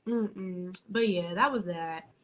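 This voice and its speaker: A young adult woman co-hosting a podcast, telling an animated story in casual chat full of slang and acted-out quotes. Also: fairly low pitch, slow, a little hiss or hum. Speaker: podcast co-host.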